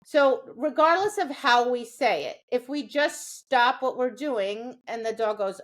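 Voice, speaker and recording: A woman's voice: fairly high pitch, expressive, measured pace, hardly any pauses, a bit bright. A woman dog trainer co-hosting a podcast, explaining training in a chatty way and often checking in with "right?". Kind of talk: casual podcast chat.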